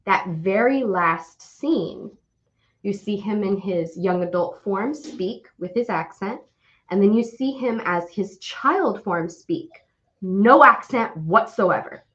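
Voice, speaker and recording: A young adult woman co-hosting a podcast in casual chat, animated and swearing often as she rants. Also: mid-range voice, takes it slowly. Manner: animated, swears often, laughs while ranting. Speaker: podcast co-host. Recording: dull lo-fi audio.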